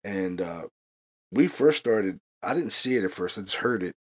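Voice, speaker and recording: A man's voice: fairly low pitch, lively intonation, moderate pace. A man guest-hosting a podcast, telling a story in a casual, profane way and leaning on "you know". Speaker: guest host.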